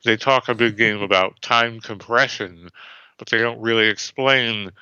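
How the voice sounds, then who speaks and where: A man's voice: fairly low pitch, normal speed, pushed and bright, smooth, dry recording. A man co-hosting a podcast, recapping in a rambling, hesitant way and casually swearing. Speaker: podcast co-host, new player. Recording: dull lo-fi sound, faint music.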